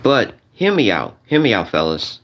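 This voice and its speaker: A man's voice: sing-song, moderate pace, a bit bright. A man doing a stand-up rant to a crowd, repeating himself and sounding exasperated, his voice shooting up when he gets indignant. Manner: repetitive, exasperated, voice jumping high when indignant.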